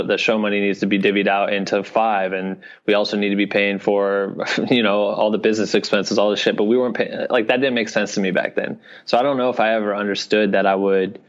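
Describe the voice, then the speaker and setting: Young man from Iowa, low monotone voice, rambling casual talk, muffled audio. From Iowa, United States. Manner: rambling, frequent "you know what I mean". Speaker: podcast guest, video director.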